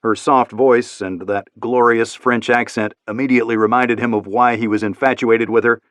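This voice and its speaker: A man reading an audiobook in steady, measured scripted narration. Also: medium pitch, no room sound, studio quality.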